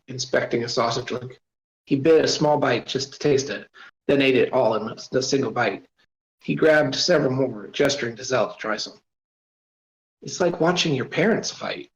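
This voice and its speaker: A man reading his own story aloud, casual, stopping to add asides and apologies. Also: medium pitch. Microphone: voice-chat mic. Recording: roomy, dull voice-chat audio.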